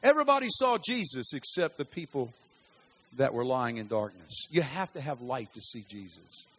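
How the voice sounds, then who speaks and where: A man preaching a sermon in an animated, folksy storytelling way, swinging from loud bursts to hushed lines. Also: medium pitch, moderate pace, husky.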